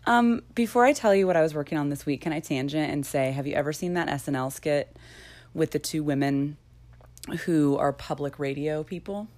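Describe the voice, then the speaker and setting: Low-voiced chatty woman podcast host. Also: brisk, a little mellow. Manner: chatty, tangents, laughs often. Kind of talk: casual chat.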